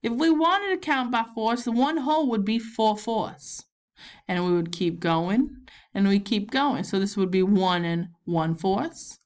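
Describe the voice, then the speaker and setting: A woman with a Southern US accent, playing a chatty grandmother who fills in as teacher, talking students through a math lesson step by step. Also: medium pitch. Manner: folksy, encouraging, talks students through each step.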